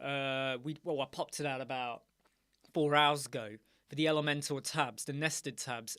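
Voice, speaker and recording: Man, live stream host, rambling casual chat, greets viewers, fairly high pitch, dry room. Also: fairly bright tone, no room sound. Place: his room at home.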